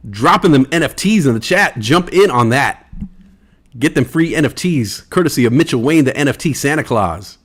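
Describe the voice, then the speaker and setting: A man's voice: medium pitch, expressive, moderate pace. A man hosting a casual livestream in a laid-back way, reading chat aloud and laughing easily. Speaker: livestream host.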